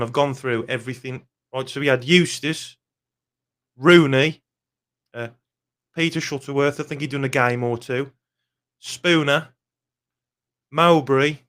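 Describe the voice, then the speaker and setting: A man's voice: medium pitch, fairly bright tone. A young man, ranting angrily and swearing bluntly in a football fan vlog. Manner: angry, swears often, blunt.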